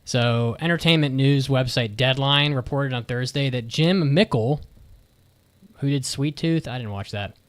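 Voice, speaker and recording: A man's voice: mid-range voice, a little slow. A man co-hosting a podcast in casual chat, rambling and swearing freely. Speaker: podcast co-host.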